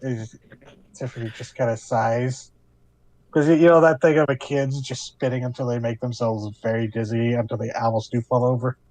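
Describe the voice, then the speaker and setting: A man's voice: mid-range voice, steady tone, moderate pace, a little mellow, dry recording, rough recording. A man narrating his characters in a casual tabletop game, rambling with lots of filler words. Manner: rambling, full of "you know" and "like". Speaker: player.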